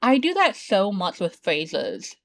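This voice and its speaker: A woman from the States, chatting casually with her live-stream chat while gaming. She talks slowly and laughs often. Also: mid-range voice, sing-song, fairly bright tone. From Southern United States.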